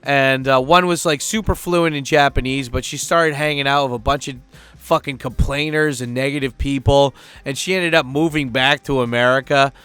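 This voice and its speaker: A man's voice: medium pitch, fairly even intonation, normal speed, a bit bright, clear, resonant tone, dry recording. A man living abroad, telling a story in a casual vlog rant, rambling and swearing freely. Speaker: vlogger living in Japan.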